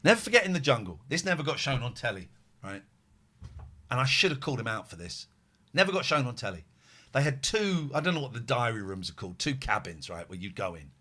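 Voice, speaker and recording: A man's voice: medium pitch, fairly quick. A man hosting a podcast, chatting casually and telling angry stories with lots of swearing. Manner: animated, heavy swearing, telling angry anecdotes. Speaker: podcast host. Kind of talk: casual chat.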